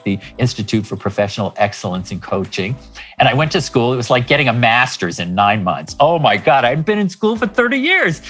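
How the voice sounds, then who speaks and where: Man, 60s, life coach guest; lively raconteur who performs the dialogue, soft music bed. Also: mid-range voice. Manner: animated, acts out dialogue in shifting voices. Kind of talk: storytelling interview talk.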